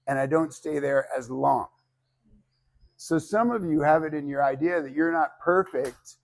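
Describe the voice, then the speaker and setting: A man teaching a public speaking class, talking casually and animatedly, acting out quoted voices and swearing freely. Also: a little high. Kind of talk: informal class lecture.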